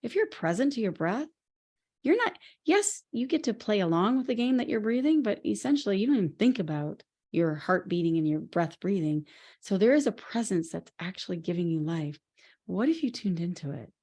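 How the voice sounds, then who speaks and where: A woman co-hosting a podcast in casual conversation, telling lively stories and laughing often. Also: medium pitch, brisk, breathy edge. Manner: animated, laughing storyteller. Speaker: podcast co-host.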